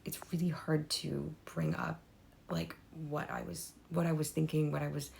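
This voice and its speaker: Hoarse, gravelly woman vlogging. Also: low-pitched, flat delivery, moderate pace, darkish tone, a little hiss or hum. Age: young adult. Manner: rambling, frequent fillers, drops into whispers. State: losing her voice, hoarse. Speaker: artist vlogger. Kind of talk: unscripted talk to camera.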